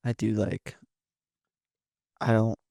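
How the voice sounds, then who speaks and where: A young man talks casually with his father on a podcast, loose and joking and trailing off in fillers. His voice is low, gravelly and mellow. The recording is close and dry. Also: level tone, slow pace, dry recording. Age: young adult. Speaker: podcast guest, son.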